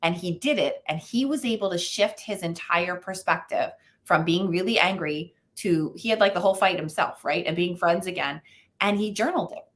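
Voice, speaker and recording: A woman from the United States speaks as a parenting expert guest in a relaxed interview. Her voice sits a little low, and she tells stories in an animated way, peppered with fillers. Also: normal speed. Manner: animated storytelling with frequent fillers. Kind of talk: conversational interview.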